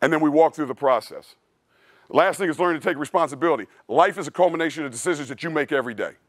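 A male strength coach gives a clinic presentation in a slightly high voice, talking fast. Casual but blunt and preachy, he keeps calling listeners "dude," and there's no room sound in the recording.

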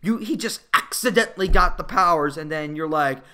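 A man's voice: a little high, a little fast, sharp tone. A young man reviewing a movie in a casual, profane, exasperated rant.

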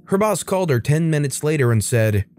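A man's voice: fairly high pitch, expressive, a little fast, a little mellow. A man narrating Reddit stories as a scripted read, adding his own comments between them. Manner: reads stories aloud with brief commentary. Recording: faint music behind.

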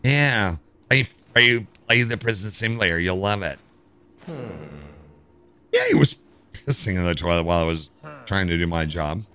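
A man's voice: low-pitched, moderate pace, long pauses, smooth. A man with an American accent streaming a game live, cracking jokes and complaining to his chat. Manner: animated, jokey, complains to chat. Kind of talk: live gameplay commentary.

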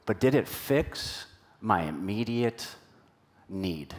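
Slow but animated, a man with a fairly low voice preaches to a church congregation. This pastor relates a personal story and asks the people questions as if in conversation.

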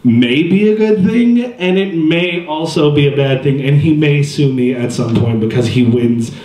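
A man's voice: a little high, normal speed, mellow. A man in his twenties doing stand-up comedy in a live venue, rambling and self-deprecating, jumping into voices. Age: 20s. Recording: roomy stage sound.

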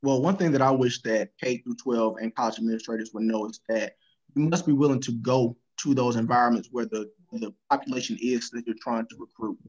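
A man answering as a panelist over a video call, earnest and measured. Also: mid-range voice, steady tone, darkish tone, highs cut off. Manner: earnest, with many fillers and restarts.

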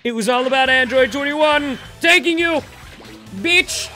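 A young man giving excited gameplay commentary, yelling and trash-talking his opponent as he plays a fighting game. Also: extremely high pitch, measured pace, soft background music. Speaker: gaming YouTuber playing a fighting game.

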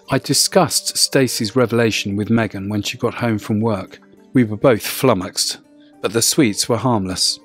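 Husky male horror narrator, measured and low-key, soft music bed. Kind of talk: first-person horror narration.

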